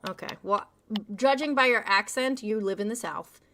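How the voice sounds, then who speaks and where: A woman's voice: mid-range voice, moderate pace, fairly bright tone. Woman in her 40s running a livestream, mocks callers, swears a lot, very blunt. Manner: blunt, mocking and profane. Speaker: livestream host. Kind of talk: heated political call-in debate.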